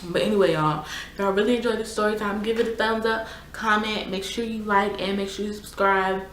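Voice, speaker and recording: A woman's voice: medium pitch, steady tone, fairly quick, slight background noise. A young woman, chatting casually and exasperatedly through a storytime vlog with lots of fillers. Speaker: YouTuber. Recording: echoey room.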